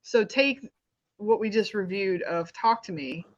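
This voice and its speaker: A woman co-hosting a casual movie-review podcast, speaking at a middling pitch. She is blunt and swears freely, with lots of quick "mm-hmm"s while her partner talks. Her sound is a little dull and lo-fi. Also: expressive. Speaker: podcast co-host, film reviewer. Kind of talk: casual chat.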